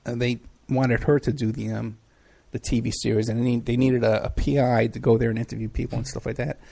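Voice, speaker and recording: Man, middle-aged, podcast host, casual rambling chat, gravelly, mid pitch. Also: level tone, a little fast, warm tone. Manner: rambling, loose, many fillers and restarts. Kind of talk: casual live-show chat, reading chat questions.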